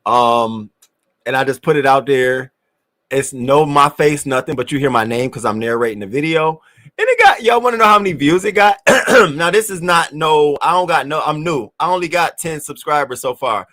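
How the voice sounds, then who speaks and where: A man's voice: fairly high pitch, normal speed, a bit bright. A young man hosting a casual live stream, talking brashly and with plenty of cursing straight to his chat. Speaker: livestream host.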